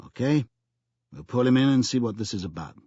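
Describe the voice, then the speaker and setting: A man's voice: medium pitch, lively intonation, brisk, mellow, husky, muffled recording. A man voicing a skeptical male police lieutenant who asks terse, pressing questions.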